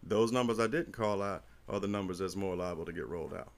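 Animated, profane middle-aged man telling stories. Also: low-pitched, fast talker, vocal fry. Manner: animated, profane, rambling storyteller. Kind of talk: casual chat, storytelling.

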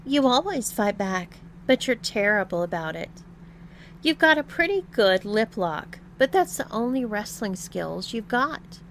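A woman voicing a mean young woman with a husky voice who taunts and mocks. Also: on the high side, animated, a little slow, fairly bright tone, slight background noise. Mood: taunting. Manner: mocking, teasing.

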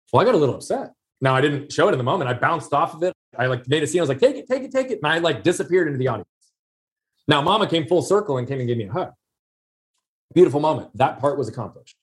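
A man telling a personal story in a conversation, earnest and emphatic, repeating key phrases for weight. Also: mid-range voice.

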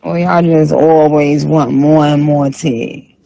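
A man doing a drawling, gravelly diva rapper. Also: a little high, fairly even intonation, takes it slowly, warm tone, no echo, low-quality recording. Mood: sassy. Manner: sassy, drawling, profane. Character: sassy tired female rap star, late-night livestream. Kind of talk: comic impression reading live chat.

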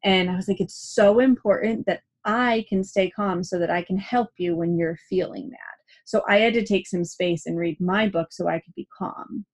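Woman, young adult, podcast host, casual advice chat, acts out dialogue, mid pitch. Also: normal speed, hardly any pauses. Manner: chatty, acts out quoted dialogue, many "like" fillers.

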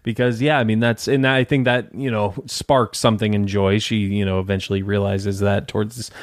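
A man hosting a casual film chat, relaxed and agreeable, with frequent filler words. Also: on the low side, moderate pace, no echo, studio quality.

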